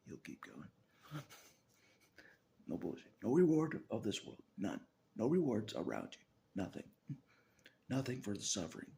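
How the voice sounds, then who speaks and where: Deep, very gravelly, raspy man. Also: a little hiss or hum. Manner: swings between loud declarations and muttered whispers; swears often and laughs to himself. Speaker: vlogger. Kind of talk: unscripted personal monologue.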